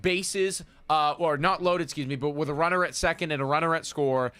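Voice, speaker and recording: A man's voice: a little high, fairly quick, bright, forceful tone, smooth. A man co-hosting a casual sports chat, talking earnestly and leaning on stock phrases and fillers. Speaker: co-host.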